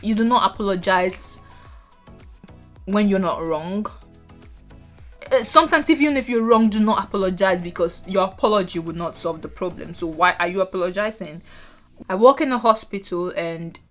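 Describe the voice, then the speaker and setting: A Nigerian woman vlogging casually, chatting to viewers with animated asides. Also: mid-range voice, normal speed, soft background music. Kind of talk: casual talking-head vlog.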